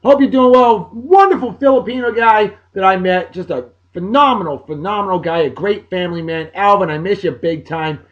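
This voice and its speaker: A middle-aged man, hosting a casual podcast and giving exuberant, folksy birthday shout-outs. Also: high voice, moderate pace, few pauses, dull audio. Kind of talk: casual chat.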